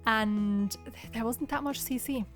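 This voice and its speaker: A woman's voice: fairly high pitch, a little slow, soft background music. Chatty young woman with a weak, cracking voice. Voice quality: subdued, monotonous delivery. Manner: chatty, rambling, laughs often. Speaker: video creator. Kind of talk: casual chat voiceover. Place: home voiceover.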